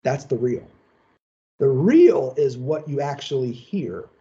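A man giving a seminar lecture in a measured, emphatic, explanatory way. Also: medium pitch, lively intonation, dark tone, highs cut off. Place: lecture session.

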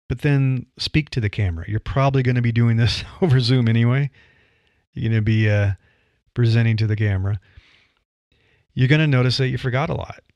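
A man hosting a solo podcast, coaching listeners in a casual conversational way with changing pace and pauses. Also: mid-range voice, vocal fry, a little mellow, no room sound, highs cut off. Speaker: podcast host. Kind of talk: solo podcast advice monologue.

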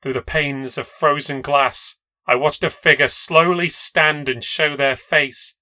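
Man narrating a ghost story, bright voice. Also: fairly high pitch, steady tone, unhurried, no room sound. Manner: tense, dramatic storytelling. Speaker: podcast narrator.

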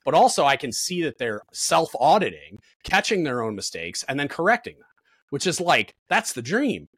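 A man's voice: a little high, sing-song, normal speed, a bit bright, husky, no room sound. A man in his thirties, a podcast guest, telling work stories in casual chat with lots of fillers and swearing. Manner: blunt, profane, storytelling with lots of fillers.

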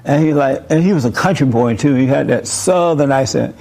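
A man's voice: mid-range voice, a little fast, a little mellow. A man preaching a sermon to a gathered audience. He talks bluntly and with emphasis, as the host of his own call-in show. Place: room with a live audience.

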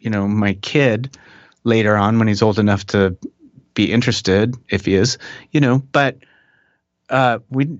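A middle-aged man, a musician guest, telling stories in a relaxed, chuckling way with many restarts. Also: fairly low pitch, unhurried, long pauses, no room sound. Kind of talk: casual interview chat. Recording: dull dry podcast audio.

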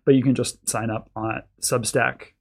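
A man's voice: mid-range voice, normal speed, gravelly. A man hosting a faith podcast with his wife, talking in an easy, casual way with frequent fillers. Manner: relaxed, many fillers and restarts. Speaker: podcast host and pastor. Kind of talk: casual chat.

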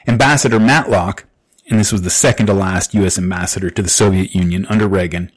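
A man's voice: low voice, quick pace, low-quality recording. A man hosting a solo podcast, earnest and a bit agitated, reading long quotations aloud over a makeshift recording setup away from home. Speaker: podcast host. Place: away from home, not his usual studio. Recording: makeshift setup, imperfect audio.

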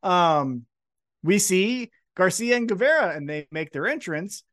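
Man co-hosting a podcast, lively swooping delivery, profane joking recap, dry close sound. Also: high voice, unhurried, no room sound. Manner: profane, joking, animated storyteller. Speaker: podcast co-host. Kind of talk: casual wrestling recap chat.

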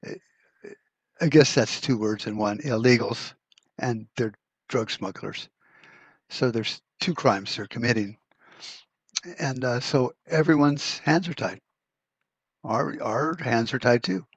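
Blunt, husky-voiced man ranting. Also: medium pitch, unhurried, long pauses, dry recording. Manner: blunt, profane, rambling with restarts. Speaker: podcast host. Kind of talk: casual rant podcast.

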